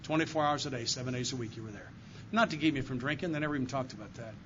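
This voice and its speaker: A man's voice: medium pitch, rapid-fire, background noise. An older man gives an earnest, heartfelt recovery talk straight to a meeting audience. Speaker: AA circuit speaker. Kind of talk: recovery testimony speech to a meeting. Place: meeting room before an audience. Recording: dull lo-fi live talk recording.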